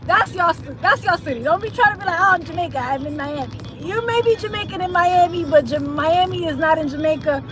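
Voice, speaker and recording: High-voiced woman teasing on a live stream. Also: fairly quick, few pauses, music in the background, crowd noise. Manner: teasing, switching between English and Spanish. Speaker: livestreamer. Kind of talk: casual live-stream chat. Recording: noisy street sound behind. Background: traffic and city noise.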